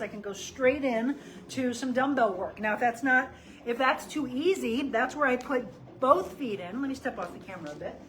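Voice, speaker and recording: This middle-aged woman from the St. Louis area, Missouri, is a personal trainer and life coach chatting casually on a live stream as she demonstrates exercises. Her voice is high-pitched, and the recording quality is low.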